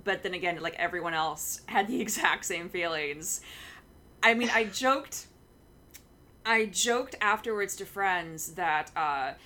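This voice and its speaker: A young woman co-hosting a casual podcast, telling a fan story with lots of filler sounds and excitement. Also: lowish voice, unhurried. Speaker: podcast co-host.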